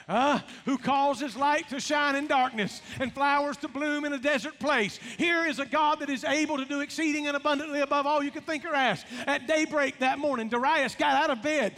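Male preacher, very high voice, rhythmic sermon delivery, echoing church hall. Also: fairly bright tone. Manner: rhythmic preaching, calls out to the congregation. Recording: long reverb of a large hall.

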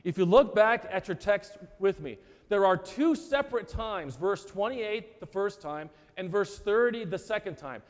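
A man preaching a sermon as pastor, earnest and emphatic, often repeating words and pausing for effect. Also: high-pitched. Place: church sanctuary. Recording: church hall with long reverb.

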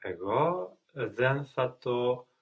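A man's voice: mid-range voice, big pitch swings, extremely slow, husky. A man answering drills as a student in a language lesson, giving short tentative replies.

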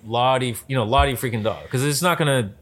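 A man talks in an easy, conversational way at a middle pitch. His delivery is animated and full of stories, and he often jumps back to restart a sentence as he goes. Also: quick pace. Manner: animated storyteller, acts out quotes, many restarts. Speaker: lighting specialist guest. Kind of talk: casual conversation.

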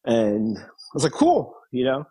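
Husky man telling stories. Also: normal speed, rough recording. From New York. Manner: animated, laughs often, acts out quotes in a higher voice. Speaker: interview guest. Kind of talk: casual storytelling.

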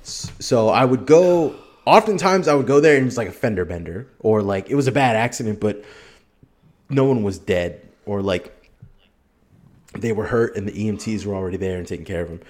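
A man's voice: on the low side, fairly quick, a little mellow. A man telling a long story on a casual podcast, rambling and swearing freely, laughing as he goes. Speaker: podcast guest.

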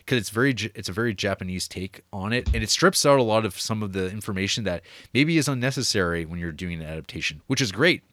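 A man's voice: lowish voice, lively intonation, fast, few pauses, fairly bright tone. A man co-hosting a casual film podcast, rambling with many fillers and restarts. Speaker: podcast co-host reviewing a film. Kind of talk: casual chat.

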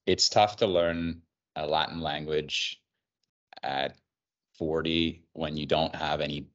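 A man in his forties with a very low voice speaks as a podcast guest. He sounds relaxed and measured, and pokes fun at himself. His call audio comes through somewhat dull. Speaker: marketing executive guest. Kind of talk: podcast interview over a video call.

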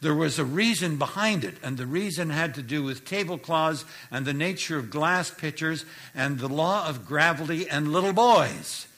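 A male preacher telling a family story to explain a doctrine, dropping his voice low and soft for the tender moments. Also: moderate pace, hardly any pauses. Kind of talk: sermon storytelling.

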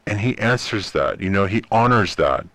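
A man's voice: on the low side, normal speed, dry recording. A man whose first language is Persian, telling stories as an interview guest and acting out the voices he quotes. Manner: animated storyteller, acts out quoted voices. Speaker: ministry guest. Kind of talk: interview storytelling.

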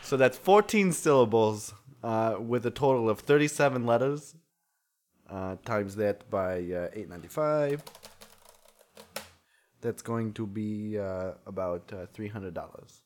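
A man's voice: fairly low pitch, a little slow, a little mellow, lightly acted. A man playing a shifty, bumbling word salesman who rambles through his sales patter and keeps losing count. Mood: sheepish. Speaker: improv performer. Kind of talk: improvised comedy sketch.

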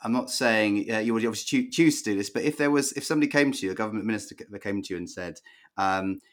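Male podcast host, low voice, meandering questioner with lots of restarts. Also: quick pace. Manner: rambling, hedging questions. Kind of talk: conversational podcast interview.

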